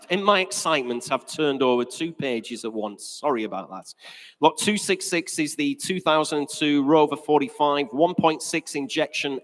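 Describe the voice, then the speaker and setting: A man working as auctioneer, calling bids at a live car auction with brisk, jokey patter. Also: a little high. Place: auction hall. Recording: echoey auction hall.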